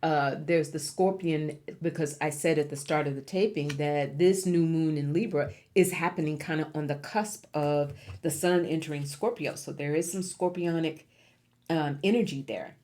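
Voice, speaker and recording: A woman's voice: low-pitched, normal speed, warm tone. A woman giving a pick-a-card tarot reading to viewers, encouraging and emphatic, repeating key words for effect. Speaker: tarot reader.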